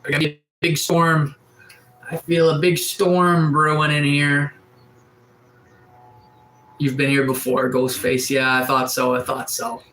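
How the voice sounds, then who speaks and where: A man's voice: on the high side, little pitch movement, slow pace, long pauses, sharp tone, poor audio. Man with a cold, from atlantic canada, livestreamer, casual chat replies, faint background noise. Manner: reads out and answers chat comments. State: has a cold. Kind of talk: casual live-chat stream. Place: sunroom.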